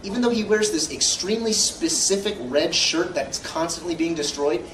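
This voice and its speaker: A man who is a voice actor, answering audience questions at a convention panel in a rambling, animated way. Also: high voice, moderate pace. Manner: rambling and animated, with lots of filler words. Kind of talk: casual Q&A storytelling. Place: large convention hall. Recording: echoey hall from far off with hum.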